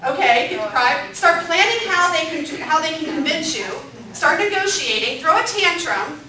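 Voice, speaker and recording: Brief: high-voiced woman instructor, bright tone, echoey room, distant mic. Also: lively intonation, moderate pace. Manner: upbeat, asks the group questions, repeats their answers. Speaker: parenting class instructor. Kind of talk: interactive classroom lecture.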